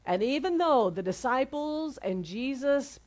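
A woman's voice: high voice, animated, a little slow. A woman pastor preaching a sermon in a casual, conversational way, retelling a story with playful asides.

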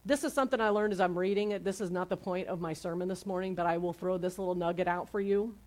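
A woman pastor delivers her sermon in a relaxed, chatty way. She retells the story with playful asides and questions for her listeners. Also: on the low side, quick pace. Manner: casual, conversational preaching with playful retellings.

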